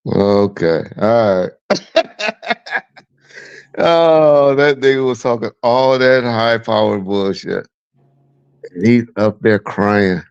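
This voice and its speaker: A man hosting a live stream, reacting to a clip with loud mocking laughter and profanity. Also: medium pitch, lively intonation, takes it slowly, pauses often, clean tone, no echo. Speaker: live show host. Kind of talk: casual live-stream commentary. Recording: dull dry lo-fi sound.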